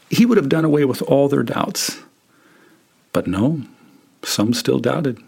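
A man's voice: fairly low pitch, gravelly, breathy edge. A man hosting a podcast, telling a vivid second-person story with wry, dry humor. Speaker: podcast host.

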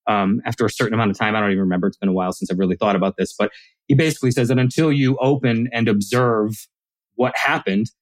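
A man's voice: fairly low pitch, steady tone, fast, dry recording, rough recording. A man as an author guest in a casual conversation, telling stories animatedly and acting out quoted lines.

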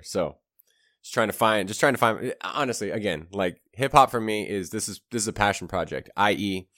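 A man hosting his own podcast, talking casually in a relaxed, rambling way with restarts and soft asides. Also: fairly low pitch, a little fast. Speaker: podcast host and rapper.

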